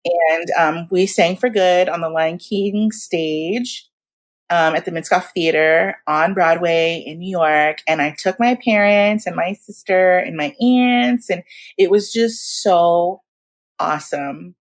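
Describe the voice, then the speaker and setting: Lively storytelling woman in her forties. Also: lowish voice, takes it slowly. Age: 40s. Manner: animated, laughs often, acts out quoted voices. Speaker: guest. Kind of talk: casual storytelling.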